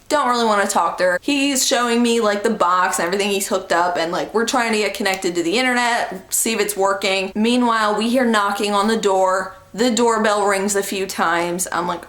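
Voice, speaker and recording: A young woman vlogger telling a storytime in casual chat, animated, laughing often and acting out quotes. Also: medium pitch, a little fast, hardly any pauses. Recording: echoey room.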